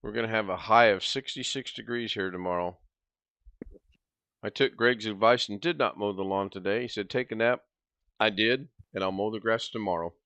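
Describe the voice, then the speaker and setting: A man's voice: on the low side, moderate pace, bright, forceful tone, clean tone, no room sound. A man hosting a casual video-call livestream, talking in an easygoing, rambling way and thinking aloud. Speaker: host.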